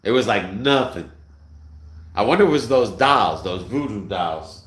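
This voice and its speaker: A man chatting casually on his vlog, telling an animated story full of swearing and bursts of shouting. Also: lowish voice, normal speed, roomy sound. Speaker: vlogger.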